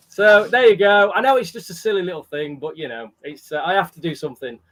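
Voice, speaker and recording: Man, livestream host, casual chat, high voice, greets viewers by name. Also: expressive, measured pace, pauses often, a bit bright.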